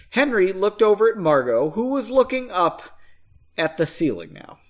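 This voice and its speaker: A man's voice: high voice, very animated, measured pace, pauses often. Chatty man reading his own book. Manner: chatty, self-mocking, swears casually. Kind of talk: casual book reading with asides.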